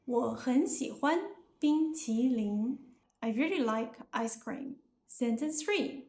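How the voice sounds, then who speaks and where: A young woman with a Chinese accent, a native Chinese speaker, teaching pronunciation slowly and carefully. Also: fairly high pitch, expressive, a little mellow, reverberant. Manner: slow, careful, deliberate explanation. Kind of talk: pronunciation lesson.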